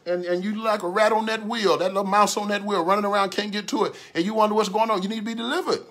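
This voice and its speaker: A man preaching a livestreamed sermon, swinging from calm talk to shouted repeated prayers. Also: high-pitched, fast talker. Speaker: pastor.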